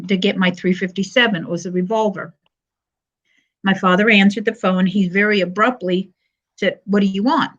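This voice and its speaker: An older woman telling a personal story on a live stream, halting, with pauses and fillers and quoted dialogue. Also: mid-range voice, fairly bright tone. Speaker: panel guest sharing her story. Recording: muffled lo-fi stream audio.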